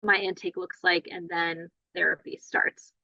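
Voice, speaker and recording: A woman's voice: lowish voice, little pitch movement, unhurried, vocal fry, sharp tone, no echo. Woman therapist giving a conversational lecture. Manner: conversational, many "you know" fillers. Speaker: play therapist and trainer. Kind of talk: online training lecture. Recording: dull lo-fi dry audio.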